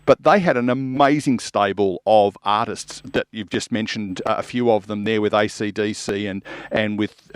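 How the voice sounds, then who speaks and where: Chatty Australian radio co-host. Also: male voice, lowish voice, no room sound, clean studio sound. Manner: chatty, joking, asks long rambling questions. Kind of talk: conversational radio interview.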